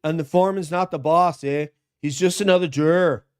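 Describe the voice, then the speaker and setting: A man's voice: a little high, fairly even intonation, brisk, smooth, no room sound, clean studio sound, lightly acted. A man reading a viewer comment aloud in a put-on Canadian accent, jokey and over the top. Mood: joking.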